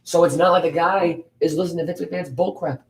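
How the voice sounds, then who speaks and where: A man co-hosting a casual wrestling recap, blunt and ranting, quick to call things terrible. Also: fairly high pitch, steady tone. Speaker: podcast co-host.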